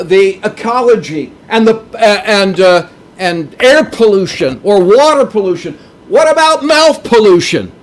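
Slow, high-voiced man preaching. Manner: earnest preaching with emphatic repetition. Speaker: pastor. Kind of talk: sermon.

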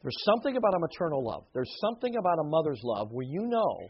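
A man's voice: on the high side, very animated, fast talker, breathy edge, dull audio. A man preaching a sermon in an earnest, emphatic way, with asides and short laughs.

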